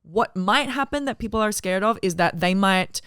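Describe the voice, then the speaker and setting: Lively Australian woman, frank and profane. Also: medium pitch, moderate pace, clean tone, no room sound, clean studio sound. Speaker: comedian guest. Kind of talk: casual podcast chat.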